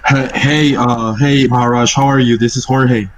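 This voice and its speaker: A man calling into an online session to ask a question, halting as he searches for words. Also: medium pitch, steady tone, slight background noise, low-quality recording. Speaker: caller. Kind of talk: asking a question in a live session. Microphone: video call.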